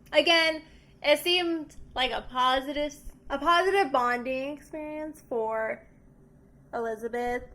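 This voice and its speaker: A woman's voice: a little high, pushed and bright. A young woman co-hosting a book podcast, casually chiming in with thoughtful reactions. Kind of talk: casual chat reacting to a plot recap.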